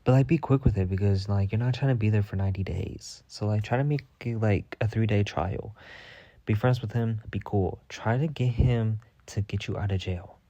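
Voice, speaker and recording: A sassy man rants through a profane storytime in a low-pitched, mellow voice. The recording is dry and a bit dull and lo-fi, with his dramatic delivery right up front. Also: normal speed, dry recording. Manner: sassy, dramatic, heavy cursing. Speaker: storytime podcast host. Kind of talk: casual profane storytime rant.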